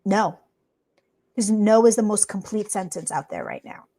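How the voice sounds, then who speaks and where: A woman co-hosting a podcast, talking in a blunt, emphatic and animated way. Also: medium pitch, normal speed. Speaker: podcast co-host. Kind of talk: casual chat.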